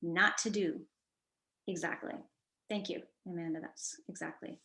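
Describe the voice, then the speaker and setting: A woman's voice: fairly low pitch, steady tone, a little slow, pushed and bright, reverberant. A woman coach telling a personal story in a conversational, reflective way, with frequent fillers and restarts. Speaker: guest coach.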